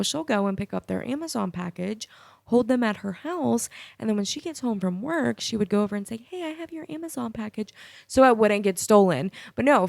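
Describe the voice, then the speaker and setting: A woman's voice: medium pitch, creaky, no echo, studio quality. A young woman hosting a solo podcast, telling a profane, sassy story. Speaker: podcast host.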